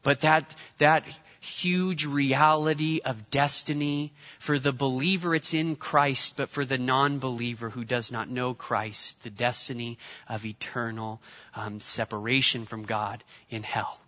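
A man delivering a sermon as pastor, lively and conversational, dropping into comic voices now and then. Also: medium pitch, measured pace, in a large hall, dull audio. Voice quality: bright, animated delivery with jokey put-on voices. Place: church.

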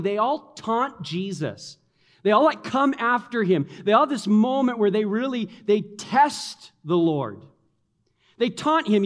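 Man, preacher, sermon, high voice, animated, mimics taunts, long reverb. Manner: animated, acts out the mockers' taunts.

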